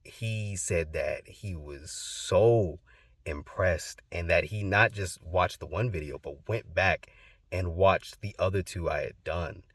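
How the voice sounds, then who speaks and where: A man's voice: deep voice, slow pace, breathy edge, dry recording. A young man hosting his channel, telling a personal story in a loose, rambling way with many fillers. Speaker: host.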